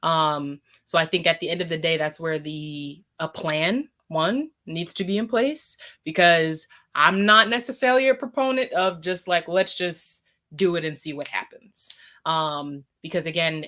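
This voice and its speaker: A woman with a notably low voice, talking on a casual podcast. She thinks out loud in a searching way, often stopping on fillers before going on. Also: unhurried. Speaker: podcast speaker.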